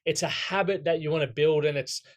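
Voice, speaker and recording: A man's voice: fairly high pitch, brisk. A man with an Australian accent leading a goal-setting workshop for men, talking casually and bluntly, often swearing and checking in with the group. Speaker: coach running a men's goal-setting workshop.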